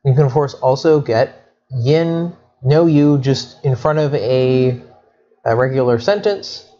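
A man's voice: medium pitch, takes it slowly. Chatty male Egyptology lecturer, slightly muffled. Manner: lively, chatty teaching with asides and self-corrections. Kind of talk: explanatory lecture.

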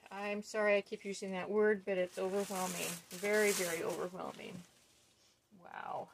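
A woman's voice: mid-range voice, vocal fry, slight background noise. A middle-aged woman chatting casually as she unboxes gifts, gushing and awestruck, with many ums. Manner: gushing, awestruck, full of fillers. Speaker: doll collector vlogger.

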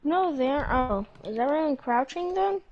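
A woman's voice: sits high, animated, moderate pace. A woman playing a game with friends, giving orders and calling for focus. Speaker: game player. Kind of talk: casual game chat. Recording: dull lo-fi mic.

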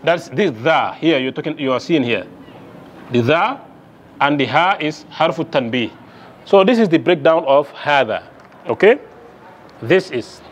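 Male Arabic lecturer, fairly high voice, questioning his class, faint background hum. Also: lively intonation, measured pace, pauses often. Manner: quizzing students with frequent "okay?" checks. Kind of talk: classroom lesson.

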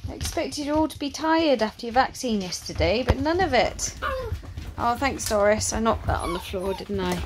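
A woman's voice: on the high side, lively intonation, moderate pace, noisy background. A woman dog breeder talking to her puppies while handling them, in a coaxing sing-song voice. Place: kennel yard and office with puppies.

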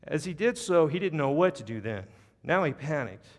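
In a church sanctuary, a male pastor tells a story in his sermon and then leads an altar call, earnest throughout and going soft at the invitation. His fairly high voice is very animated at normal speed, with long church reverb and faint music behind him.

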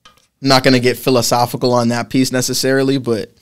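A man's voice: mid-range voice, little pitch movement, fast talker, clear, resonant tone. A man in his twenties from Massachusetts, a podcast guest talking in a rambling, casual way, full of restarts. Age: 20s. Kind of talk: casual chat.

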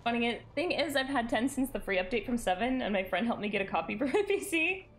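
A woman's voice: fairly high pitch, fast, background noise. A woman streaming a game live, chatting with her viewers and reacting in sudden bursts and laughter at a desk microphone. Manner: animated, jumpy reactions, bursts of shrieks and laughter.

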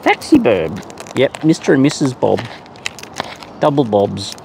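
A man's voice: medium pitch, very animated, a little slow, gravelly, warm tone. Playful man cooing at wild birds. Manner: playful, baby-talk to birds, chuckling. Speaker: bird feeder vlogger. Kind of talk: casual chat to wild birds. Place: outdoors with wild cockatoos. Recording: noisy outdoor recording. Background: birds and outdoor noise.

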